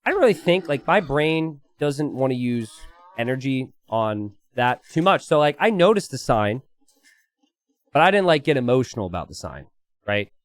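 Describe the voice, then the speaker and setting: A man's voice: medium pitch, normal speed, no echo. A young man commentating a strategy game in a chatty, casual way, telling a personal story between plays. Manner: animated, chatty, lots of "like" and "right?".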